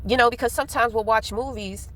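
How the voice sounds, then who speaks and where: A woman's voice: fairly high pitch, fairly even intonation, fast. A woman chatting casually while driving, telling a rambling, candid story full of profanity. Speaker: vlogger. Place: inside a car. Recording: car noise in background.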